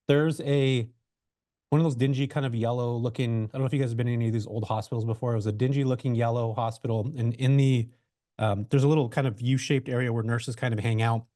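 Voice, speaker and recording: Fast and warm, with a steady tone and mid-range pitch, a man shares his story as a real estate investor guest in a webinar interview. He rambles conversationally, restarting often and using plenty of fillers, via a video call mic in studio quality without echo.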